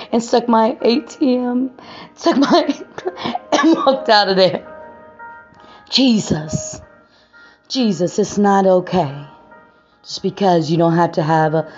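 A woman hosting a faith talk show, telling a story in a casual, animated way and often laughing. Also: lowish voice. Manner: animated, laughing storyteller, voice rising when excited. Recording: dull lo-fi audio with faint music.

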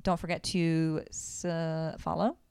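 A woman's voice: deep voice, level tone, takes it slowly, gravelly, a little mellow, a little hiss or hum. A young woman from Florida, co-hosting a podcast in casual chat, with a wry, joking manner. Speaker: podcast co-host.

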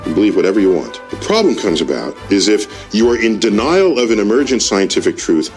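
A man's voice: fairly low pitch, very animated, brisk, faint music behind, voice pushed down. A man putting on the voice of an emphatic, professorial scientist lecturing.

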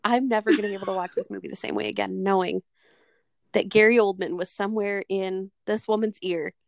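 A woman co-hosting a podcast in casual chat, animated and swearing freely, often acting out scenes. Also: mid-range voice, brisk, vocal fry, no room sound, studio quality. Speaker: podcast co-host.

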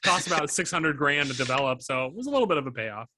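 Young man, bright voice, casual podcast chat, rambling jokes. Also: fairly high pitch, expressive. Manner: joking, rambling, quick to laugh. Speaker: podcast co-host. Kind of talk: casual chat among friends.

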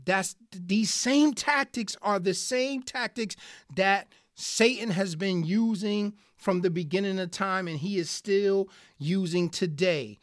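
Excited podcast host teaching scripture. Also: medium pitch, takes it slowly, no room sound, clean studio sound. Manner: earnest and excited, talking straight to listeners as "guys"; reads scripture aloud in King James wording, then explains it. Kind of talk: Bible study podcast talk.

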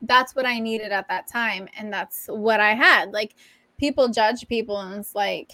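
A woman's voice: medium pitch, a little slow, sharp tone, no echo. A young adult woman co-hosting a podcast, telling stories in a casual, profane, emphatic way. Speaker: podcast co-host. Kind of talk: casual chat.

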